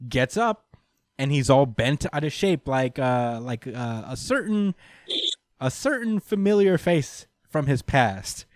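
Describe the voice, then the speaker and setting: A man's voice: medium pitch, slow, no room sound, clean studio sound. A young man in casual podcast chat, recapping a story with lots of laughter and acted-out character lines. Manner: animated, laughs often, acts out character lines. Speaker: podcast co-host recapping a manga chapter.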